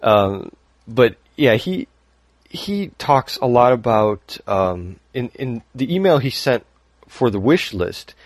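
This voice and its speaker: A man's voice: medium pitch, very animated, slow pace, no room sound. A man hosting a podcast, talking casually and rambling a little, laughing often as he reads listener email. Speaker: podcast host.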